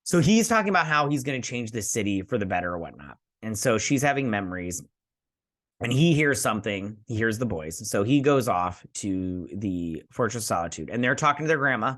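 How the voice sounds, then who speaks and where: A man's voice: fairly low pitch, big pitch swings, a little fast, fairly bright tone. A man hosting a casual recap and review of a TV episode, rambling with lots of fillers and acting out the characters' lines.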